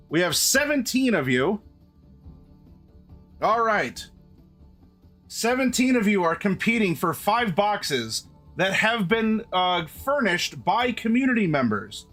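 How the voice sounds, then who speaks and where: A man's voice: high-pitched, pushed and bright. A man hosting a live stream, chatting casually with his viewers and often restarting his sentences. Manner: chatty, restarts often, addresses chat directly. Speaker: streamer host.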